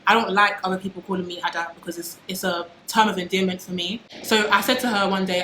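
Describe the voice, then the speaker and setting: A woman's voice: medium pitch, fairly even intonation, fast talker, few pauses, background noise. A young British woman vlogging to camera in a passionate, dramatic way, hammering her points home with repetition. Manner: passionate, dramatic, emphatic with repeated phrases. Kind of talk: casual talk to camera. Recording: echoey room with faint background ambience.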